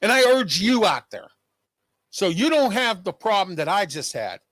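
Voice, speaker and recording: A man's voice: sits high, sing-song, normal speed, fairly bright tone, no echo, clean studio sound. A man hosting his own show, talking straight to viewers in an agitated, emphatic way and repeating his points. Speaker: show host. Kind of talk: personal monologue to viewers.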